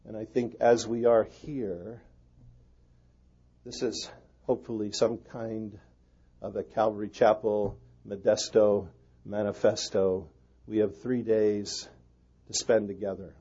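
A pastor preaching an earnest sermon to fellow pastors. His delivery swings from loud emphasis to hushed prayer. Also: lowish voice, fairly even intonation, normal speed, husky, dull audio.

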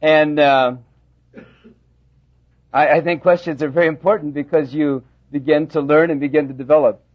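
A pastor preaching a sermon, telling a folksy story with halting restarts. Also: male voice, a little high, steady tone. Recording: dull lo-fi sound.

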